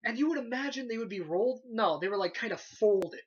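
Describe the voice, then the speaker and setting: A man's voice: high voice, a little fast, slightly rough. Sarcastic young man, lo-fi sound. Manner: animated, sarcastic, swears casually. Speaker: movie reviewer, site host. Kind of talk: casual review chat. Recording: dull lo-fi sound.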